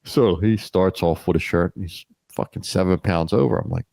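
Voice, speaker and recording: A man co-hosting a casual podcast, telling profane, animated stories and acting out the voices in them. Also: sits low, normal speed, creaky. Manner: profane, animated storyteller who acts out voices. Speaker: podcast co-host; former youth football coach. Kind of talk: casual chat, storytelling.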